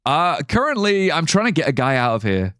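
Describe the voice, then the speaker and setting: A man's voice: fairly high pitch, huge pitch swings, brisk, fairly bright tone, no echo, clean studio sound. A young man streaming a game live, chatting loosely, swearing casually and laughing at his own ideas. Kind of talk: live gameplay commentary.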